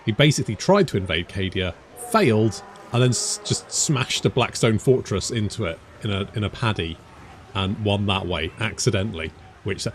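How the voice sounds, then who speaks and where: A man's voice: lowish voice, very animated, moderate pace, slight background noise. A man giving rambling, chatty let's play commentary, thinking aloud and muttering to himself as he plays. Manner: rambling, chatty, wanders off on tangents. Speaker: gaming YouTuber.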